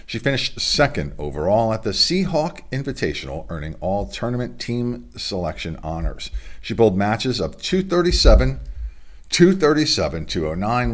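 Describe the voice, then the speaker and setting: A man with a low, deep voice runs through local sports announcements from his home studio. He reads names and results in a relaxed, casual way and drops in chatty asides between items. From United States. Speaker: sports news host.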